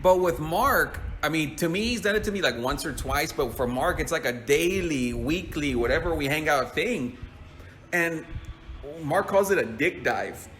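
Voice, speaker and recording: A man's voice: fairly high pitch, animated, normal speed, a bit bright. A man telling a story in a casual, rambling way, swearing and laughing often.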